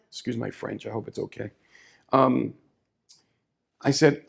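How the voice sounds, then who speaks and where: A man telling a story live on a small café stage, with a very gravelly, husky voice. He is chatty and animated, stopping for asides to the audience. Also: medium pitch, takes it slowly, pauses often.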